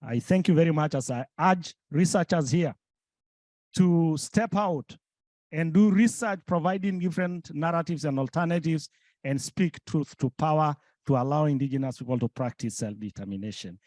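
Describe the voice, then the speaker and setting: A man with a fairly high voice closes his remarks on a panel. He speaks in an earnest, urging way. The recording is dry and close. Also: normal speed, darkish tone, no echo. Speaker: panelist, community advocate. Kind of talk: closing remarks of a speech.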